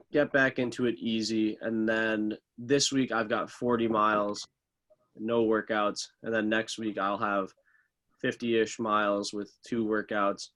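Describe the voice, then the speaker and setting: Low-voiced young man, loose and chatty. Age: young adult. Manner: relaxed, loose, many fillers like "like" and "uh". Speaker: professional middle distance runner, guest. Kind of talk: casual interview talk.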